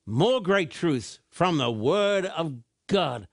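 A man preaching a broadcast sermon, stressing words slowly and emphatically. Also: a little high, big pitch swings, dry recording, studio quality.

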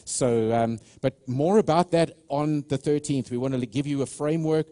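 With a dark tone and mid-range pitch at a moderate pace, a South African pastor preaches live in the sanctuary. His sermon comes in earnest, stop-start bursts, often restarting as he calls out to the congregation.

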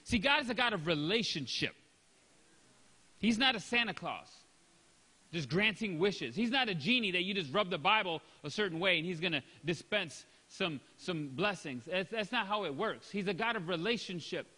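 A man preaching a sermon as pastor, acting out short voiced exchanges and swinging between loud and soft. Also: sits high, animated, moderate pace, breathy edge, big-room sound. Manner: acts out short voiced exchanges, rising and dropping in volume.

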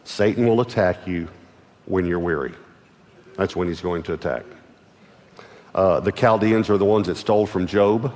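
A man's voice: sits low, moderate pace, pauses often, a little mellow. A man preaching a sermon as pastor, emphatic and building in force. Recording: long hall reverb with faint music.

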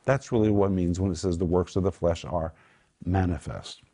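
A man's voice: low-pitched, brisk, mellow, breathy edge. A man teaching from the Bible on a Christian talk show, earnest and emphatic, praying aloud for viewers.

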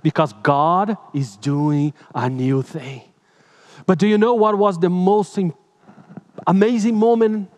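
Male pastor, high voice, animated sermon storyteller, slightly broken English. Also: slow. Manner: animated, dramatic shifts between loud and hushed.

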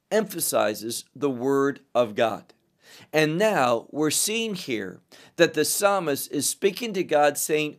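A male Bible teacher walks through scripture in an unhurried, measured way. His voice sits a little on the high side. He pauses to put questions to his listeners. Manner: slow, deliberate, with rhetorical questions.

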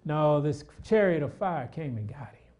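Male preacher, fairly high voice, talks straight to the congregation, reads from scripture. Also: animated, normal speed, highs cut off. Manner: calls out questions to the congregation and reads scripture aloud. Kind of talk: sermon.

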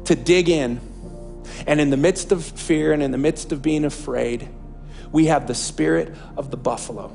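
A man's voice: fairly high pitch, moderate pace, gravelly, darkish tone, faint music behind. A man preaching a sermon as a pastor, impassioned and repeating phrases for emphasis.

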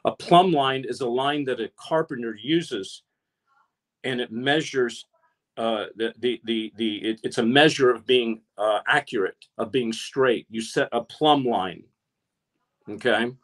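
A man's voice: medium pitch, unhurried, a bit bright. A man preaching an impassioned online sermon, with his voice rising as he exhorts his listeners. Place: streamed online, talking to a chat audience.

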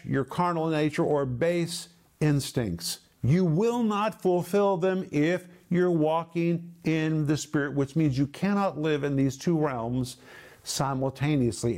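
A man teaching the Bible on a broadcast program, emphatic and stretching key words out slowly. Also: a little high, a little mellow.

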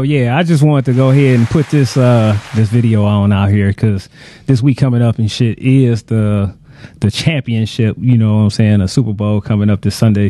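A man hosting a podcast in relaxed casual chat, slangy and rambling with lots of fillers. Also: medium pitch, no echo, studio quality. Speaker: podcast host.

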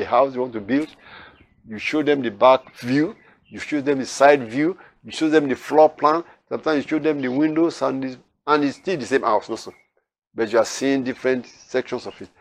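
A man's voice: mid-range voice, vocal fry. A man teaching scripture verse by verse, explaining with repeated phrases and everyday examples and reading the verses aloud. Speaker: Bible teacher.

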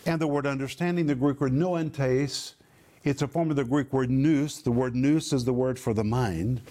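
A middle-aged man preaching a sermon, teaching word meanings with emphatic, drawn-out stresses. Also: medium pitch, mellow. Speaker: pastor, Bible teacher.

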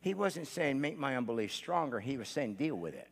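A man's voice: mid-range voice, big pitch swings, normal speed, gravelly. Preaching man in a reverberant hall. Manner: swings from shouted declarations to hushed storytelling; frequent "uh" fillers between phrases. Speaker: pastor. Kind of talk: sermon. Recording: long church hall reverb.

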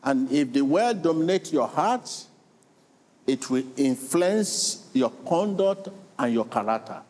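A middle-aged man preaches a sermon, his voice sitting a little high for a man. He takes his time, landing each word slowly. He builds rhythm by repeating key phrases and calls on the listeners to answer back. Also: expressive, a little mellow. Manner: slow, deliberate preaching with rhythmic repetition and call-and-response. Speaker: pastor.

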